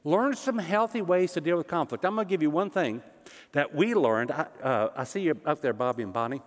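Man, pastor, sermon, conversational, joking with the congregation, slightly high voice, long hall reverb. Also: animated, a little fast.

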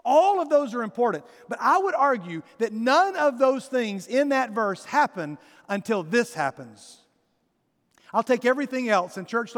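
Male pastor, high-pitched, animated storyteller, church hall with long reverb. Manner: storytelling, animated, acts out voices in his story. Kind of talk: sermon. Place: church sanctuary.

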